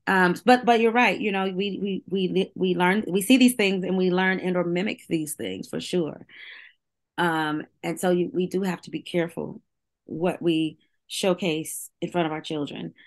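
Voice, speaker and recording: A woman's voice: on the low side, steady tone, normal speed. A middle-aged woman, a singer, talking candidly as a guest, chatty and full of "like" and restarts, laughing often. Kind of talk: candid casual chat.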